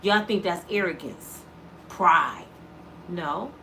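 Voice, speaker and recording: A woman's voice: fairly low pitch, slow, sharp tone, a little hiss or hum. A middle-aged woman giving an impassioned vlog monologue as a mother, preaching with rhetorical questions in casual dialect. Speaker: mother of an inmate, vlogger.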